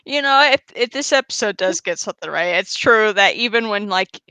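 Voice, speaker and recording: A woman co-hosting a casual reaction chat, enthusiastic and quick to laugh. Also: mid-range voice, lively intonation, pushed and bright, clear, resonant tone, no echo. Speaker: co-host.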